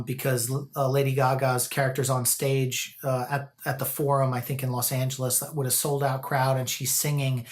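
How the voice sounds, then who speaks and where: Rambling man reviewing a film. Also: on the high side. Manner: rambling, many fillers and restarts; animated storytelling, quoting characters. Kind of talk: casual spoken movie review.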